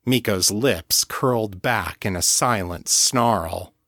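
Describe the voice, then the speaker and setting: A man reading fiction aloud as an audiobook narrator, in a measured, deliberate way. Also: on the low side, a bit bright, dry recording, clean studio sound. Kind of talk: scripted narration.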